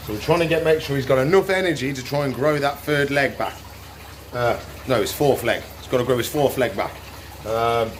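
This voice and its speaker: A man's voice: mid-range voice, a little hiss or hum. Chatty man talking to his animals. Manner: chatty, talks softly to the animals. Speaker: reptile keeper. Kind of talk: casual animal care vlog.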